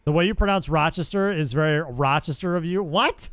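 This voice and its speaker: A man's voice: fairly high pitch, a little fast, a bit bright, clean tone, no room sound. A young adult man streaming a game, chatting casually and joking back and forth with his live chat. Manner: playful, bantering with chat. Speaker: gaming streamer.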